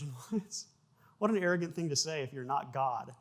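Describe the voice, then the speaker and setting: Male pastor, mid-range voice, relaxed conversational preaching. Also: medium pitch, a little fast. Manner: conversational preaching with restarts, bursts of loud acted sound effects. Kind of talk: sermon.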